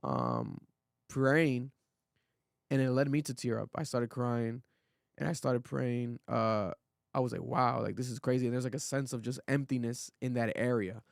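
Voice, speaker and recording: A man's voice: mid-range voice, lively intonation, moderate pace, gravelly, no echo, studio quality. A man from Rhode Island hosting a podcast, earnest and rambling with many fillers, losing his voice. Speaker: podcast host. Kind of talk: casual podcast chat.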